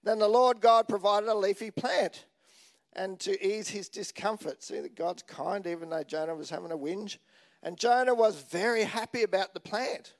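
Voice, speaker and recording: A man's voice: sits high, moderate pace. A man preaching a sermon in a chatty, joking way, asking the congregation questions as he goes. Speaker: pastor.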